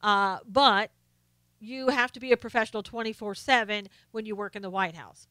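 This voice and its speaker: A woman's voice: medium pitch, fairly even intonation, normal speed, sharp tone, clear, resonant tone, no room sound. A woman hosting a political commentary live stream. She is blunt and opinionated, lists her points one by one, and answers viewers' comments by name.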